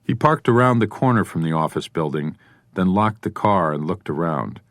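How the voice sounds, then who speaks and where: A man narrating an audiobook in a measured, even manner, recorded on a studio microphone. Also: sits low, no echo. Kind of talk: scripted narration.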